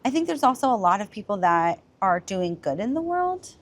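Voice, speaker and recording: A woman chatting in a casual interview, animated and full of asides and fillers. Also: medium pitch, normal speed. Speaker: interviewee, community member.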